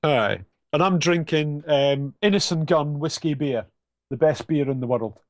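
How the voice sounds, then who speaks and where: Lively Scottish man joking around. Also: a little high, moderate pace, no echo, clean studio sound. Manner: jokey, playful, laughs often. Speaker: guest panelist. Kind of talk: casual banter on a panel show.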